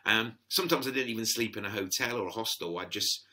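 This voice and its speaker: A man's voice: fairly low pitch, quick pace, pushed and bright. A middle-aged man telling stories in a chatty, rambling way, full of restarts, as a podcast guest. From England. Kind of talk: casual storytelling.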